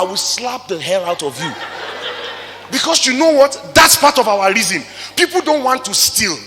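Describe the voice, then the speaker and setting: Bright, high-voiced Nigerian motivational speaker. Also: male voice, normal speed, a faint crowd. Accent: Nigerian English. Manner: animated, rhetorical questions, big swings in loudness. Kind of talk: motivational talk to a live audience. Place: stage in a hall before an audience. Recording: long reverb of a large hall.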